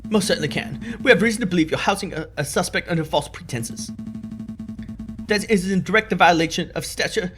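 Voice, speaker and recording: A man voicing a sharp, stern male falcon defense lawyer, firm and measured. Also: high voice, animated, music in the background.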